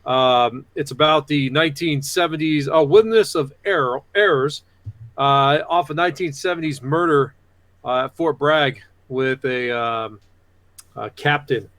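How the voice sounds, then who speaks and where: A man's voice: a little high, unhurried, fairly bright tone, no echo. A man co-hosting a podcast, talking casually and hesitantly, searching for words. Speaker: podcast co-host. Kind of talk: casual chat.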